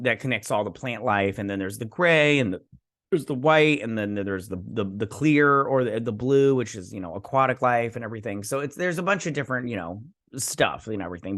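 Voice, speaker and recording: A man's voice: fairly low pitch, fairly bright tone, no echo, studio quality. A man hosting a TV episode review channel, talking casually in a frustrated, rambling way full of fillers and restarts.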